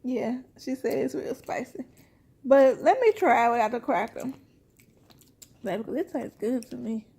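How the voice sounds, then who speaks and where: A woman's voice: on the high side, creaky, a little mellow, breathy edge. A woman vlogger giving a casual taste test and often addressing viewers as "you guys", with eating sounds between her remarks. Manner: talks while eating, with drawn-out "mm" sounds. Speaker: vlogger reviewing a snack.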